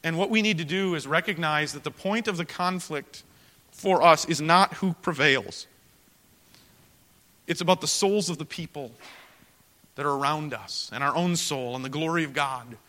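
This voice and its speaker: A man preaching to fellow pastors in an earnest, storytelling manner, swinging from loud emphasis to quiet confession. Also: a little high, moderate pace, in a large hall. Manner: earnest, storytelling, rises loud for emphasis then drops soft. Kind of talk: sermon to pastors.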